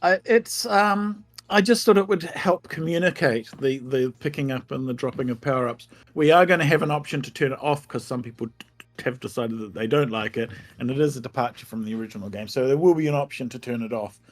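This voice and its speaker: A man's voice: mid-range voice, fairly quick, soft background music. A man, a game developer, answering interview questions in a thoughtful, easygoing way that is often hesitant.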